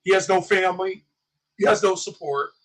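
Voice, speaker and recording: Man, livestream commentary, agitated and rambling, high voice, sharp edge. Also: normal speed, rough recording. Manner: passionate, agitated rambling with many restarts. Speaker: small channel YouTuber.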